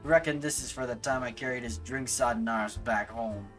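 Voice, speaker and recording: A man voicing a gruff tavern keeper in a game, speaking in a folksy dialect. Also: mid-range voice, normal speed, a bit bright, soft background music, natural voice. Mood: hearty.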